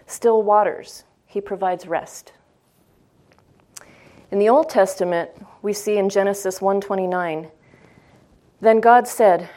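A woman leads a relaxed scripture lesson in a mid-pitched voice. She talks to her group as if chatting, often asking whether they follow her. She repeats key phrases, shifting the stress to draw out their meaning. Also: slow, long pauses. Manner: informal, checks in with listeners, repeats phrases for emphasis. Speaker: Bible study teacher. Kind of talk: conversational scripture teaching.

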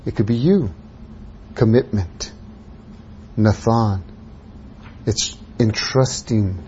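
A man preaching a sermon, dropping to soft low asides and rising to raised, urging exhortation. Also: takes it slowly, pauses often, slight background noise. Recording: dull lo-fi sound.

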